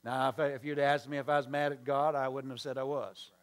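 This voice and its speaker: A man's voice: mid-range voice, level tone, a little fast. A male pastor preaching a sermon, telling a story with acted-out dialogue and asides to the congregation.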